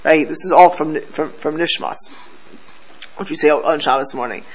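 A man's voice: on the high side, normal speed, breathy edge, highs cut off. A man teaching a Torah class to a live group, telling stories animatedly and mixing Hebrew and Yiddish terms into his English.

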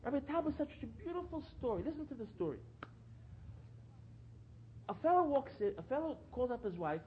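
A man's voice: extremely high pitch, big pitch swings, a little fast, a little hiss or hum. A man giving a sermon-style talk at a religious gathering, telling stories and repeating phrases for emphasis. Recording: dull lo-fi recording.

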